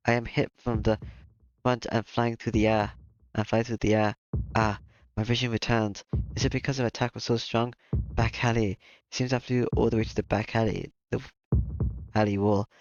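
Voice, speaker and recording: A man reading a visual novel aloud in steady first-person narration, over game music. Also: fairly low pitch, normal speed, no echo. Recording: slightly dull lo-fi mic, game music behind.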